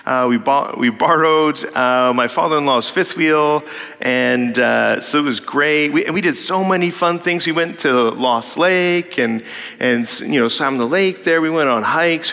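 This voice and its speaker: Bright-voiced father telling a story. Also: big-room sound. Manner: animated, quotes his kids in higher voices. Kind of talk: casual storytelling monologue.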